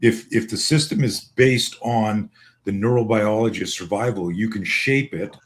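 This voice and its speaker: A man's voice: lowish voice, normal speed. A man with a Canadian American accent, talking casually as a co-host, emphatic and full of restarts. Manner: rambling, emphatic, many restarts. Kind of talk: casual video call conversation.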